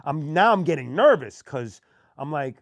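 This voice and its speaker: Male host, raised pitch, dry close sound; loose, profane, animated storyteller. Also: normal speed, dry recording. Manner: profane, animated anecdote telling with slang. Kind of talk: casual storytelling.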